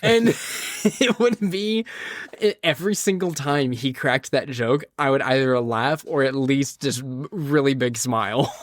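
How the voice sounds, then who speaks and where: A man hosting a podcast in casual chat, joking and rambling quickly. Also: medium pitch, no room sound, studio quality. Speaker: podcast host.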